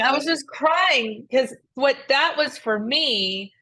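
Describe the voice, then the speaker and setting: A woman's voice: sits high, animated, slow, few pauses, pushed and bright. Earnest woman telling a story. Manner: earnest storytelling with frequent restarts. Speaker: podcast co-host. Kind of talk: casual faith podcast chat.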